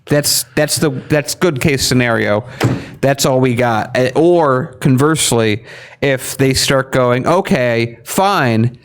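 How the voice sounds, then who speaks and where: A young man holds forth on a news commentary show in a loose, argumentative style. He turns animated as he makes his points and mimics others in mocking voices. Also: medium pitch, slow, smooth. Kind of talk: casual opinion commentary.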